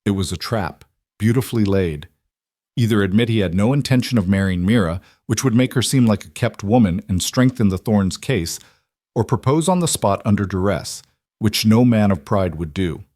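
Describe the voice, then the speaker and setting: A man narrating a frontier story in a measured, dramatic way. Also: on the low side, expressive, a little mellow, no room sound, studio quality.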